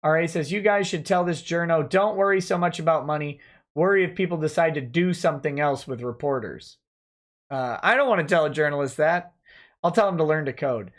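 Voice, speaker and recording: A man's voice: on the high side, fairly quick. Man reading out livestream chat. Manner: reads chat messages aloud and replies offhand. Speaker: livestream host reading viewer chats; lawyer.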